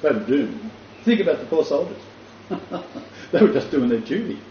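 A man's voice: fairly high pitch, sing-song, normal speed. A man teaching a sermon, telling the story vividly with frequent restarts and chuckles. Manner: imaginative, rambling with restarts and chuckles. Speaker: Bible teacher. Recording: dull echoey room with faint noise.

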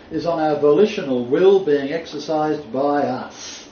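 A man's voice: on the high side, warm tone. A man preaching a sermon, quoting scripture emphatically and rising on key phrases. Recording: roomy, distant, dull, faint noise.

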